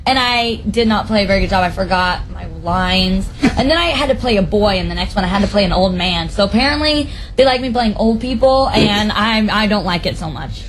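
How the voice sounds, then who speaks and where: A young woman chats as a guest on a call-in show, bubbly and full of casual fillers. Her voice sits at a middle pitch, with a light hiss of noise under it. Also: animated, brisk, hardly any pauses, low-quality recording. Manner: bubbly, chatty, with many "like" and "um" fillers. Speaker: guest answering callers. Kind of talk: casual chat.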